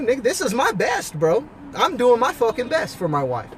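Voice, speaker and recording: A man with a notably high-pitched voice talks straight to the listener in a blunt, profane, preachy monologue. He speaks outdoors, with faint traffic noise humming behind him. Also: big pitch swings, fairly quick, fairly bright tone. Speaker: husband and father giving life advice. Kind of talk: casual monologue to camera.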